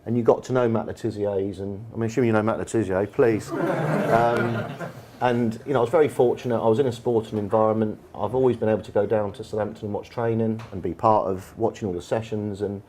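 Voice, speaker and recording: A low-pitched Englishman chatting on stage in a bar, spinning anecdotes with lots of ums and you-knows. His voice is mellow and relaxed, the delivery unhurried and conversational. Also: slight background noise. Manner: chatty, anecdotal, with frequent fillers. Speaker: football manager and guest speaker. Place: bar event room with an audience.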